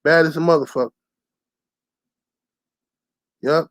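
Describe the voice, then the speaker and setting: A young man ranting to his channel's viewers, telling a story in a loud, profane, heated way and shouting the lines he quotes. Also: fairly high pitch, fairly even intonation, racing, no room sound. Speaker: channel host. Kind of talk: profane storytelling rant to camera.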